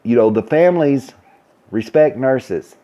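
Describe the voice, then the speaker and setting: Man, nursing supervisor type, ranting vlog monologue, warm low-key tone, dull lo-fi recording. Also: expressive, measured pace. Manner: blunt, ranting, acts out dialogue. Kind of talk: casual storytelling rant.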